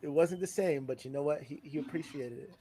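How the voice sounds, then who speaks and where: A man's voice: a little high, a little fast, a crowd in the background. A man co-hosting a podcast, telling a party story in casual chat, acting out the people he quotes with big jumps in his voice and swearing freely. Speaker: podcast co-host. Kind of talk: casual storytelling among friends.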